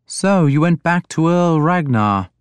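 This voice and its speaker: Audiobook figure: a stern, shrewd king speaking in a measured voice a few steps above his usual register, put on by the male narrator. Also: fairly high pitch, animated, clean tone, no room sound, voice pushed up. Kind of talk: audiobook character voice.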